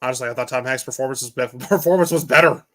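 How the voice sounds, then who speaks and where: A man's voice: mid-range voice, fast, fairly bright tone. A tired man giving a casual movie review on a panel, rambling and restarting his sentences. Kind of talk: casual chat.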